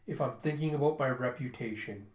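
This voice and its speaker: A man voicing a gruff, stern middle-aged general in a comic book reading, low and measured. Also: natural voice. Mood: grim. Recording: roomy echo.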